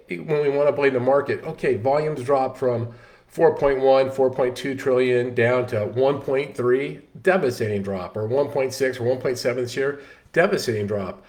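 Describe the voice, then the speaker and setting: A man telling a story in a casual talk, animated, with many restarts and fillers. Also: mid-range voice. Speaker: host.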